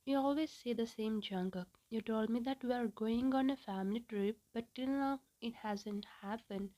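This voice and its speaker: A woman's voice: on the high side, moderate pace, warm tone, natural voice. A woman voicing a frustrated young wife and mother in a read-aloud story, reproachful and sulky.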